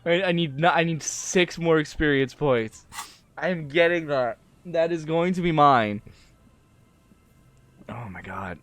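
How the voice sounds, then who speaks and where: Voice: mid-range voice, a little slow, pauses often, no room sound. A streamer playing a game live, reading its text aloud and laughing to tears, swearing and giggling.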